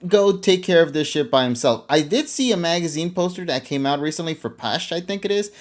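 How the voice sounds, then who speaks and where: A man co-hosts a casual fan podcast with a lively, swooping voice that climbs high when he gets heated. He swears and laughs easily as he talks. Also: brisk. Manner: animated, swears, laughs often, rises high when worked up. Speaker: podcast co-host. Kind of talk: casual podcast chat about an anime dub.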